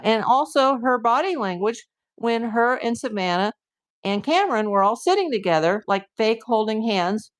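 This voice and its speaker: A woman hosting a live stream as a private investigator, talking through a case with emphatic, indignant rhetorical questions. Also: medium pitch. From USA.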